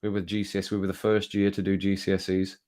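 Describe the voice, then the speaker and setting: A middle-aged man from the English Midlands, speaking with his local accent in a lowish voice. He chats casually to viewers on a home livestream, rambling from one thing to the next and chuckling along the way. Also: monotone, quick pace, darkish tone. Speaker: livestream host. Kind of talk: casual chat with live viewers. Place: home streaming room.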